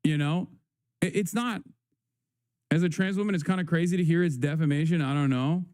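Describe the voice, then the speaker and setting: A male livestream host in casual news commentary, rambling and sarcastic with crude asides. His voice sits slightly high yet warm. The sound is close and dry. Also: fairly quick, dry recording.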